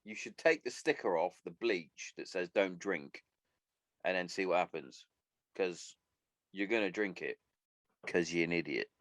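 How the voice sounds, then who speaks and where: A man's voice: low-pitched, animated, moderate pace, a bit bright, no echo, clean studio sound. A man hosting a solo podcast, ranting bluntly and swearing a lot. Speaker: podcast host.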